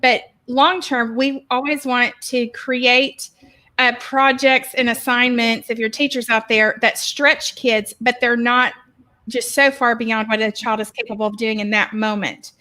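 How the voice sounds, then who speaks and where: Woman, educator, encouraging webinar talk, crisp bright tone. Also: on the high side, flat delivery, unhurried, poor audio. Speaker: educator presenter. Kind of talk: webinar presentation.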